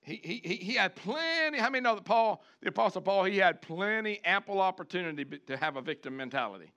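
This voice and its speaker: A man preaching a sermon, animated, switching between chatty asides and loud shouted lines, acting out the people he quotes. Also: high voice, quick pace. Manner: acts out the congregation and the people he quotes. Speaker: pastor.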